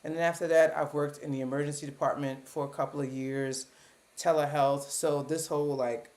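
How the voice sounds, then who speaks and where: A woman's voice: sits low, level tone, fairly quick, darkish tone. Chatty woman psychiatrist on a live stream. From Baltimore, United States. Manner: chatty, joking asides about herself. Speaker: psychiatrist hosting her own channel. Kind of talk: casual live-stream talk. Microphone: webcam at a computer.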